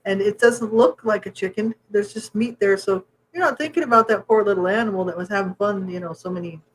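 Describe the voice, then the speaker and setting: A woman in a mid-range voice chats easily on a podcast, laughing often and letting her sentences fade off quietly. A faint hiss sits under the recording. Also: mid-range voice, a little fast, low-quality recording. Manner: chatty, laughs often, trails off softly. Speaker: podcast co-host. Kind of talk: casual chat.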